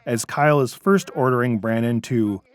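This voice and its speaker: A man narrating a scripted training video in a measured, instructive way. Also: mid-range voice.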